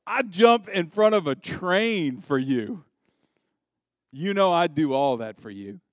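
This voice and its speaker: A man's voice: a little high, expressive, moderate pace, clean tone, no echo, lightly acted. A man playing a needy, overdramatic young man who pleads for love, with a dry close sound. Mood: pleading. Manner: melodramatic, pleading.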